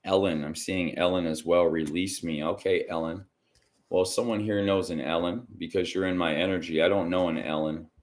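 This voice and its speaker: Deep-voiced rambling man on a livestream. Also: steady tone, moderate pace. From Michigan. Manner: rambling, chatty, frequent throat clearing. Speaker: psychic reader livestreaming. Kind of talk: casual livestream chat. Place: indoors at home.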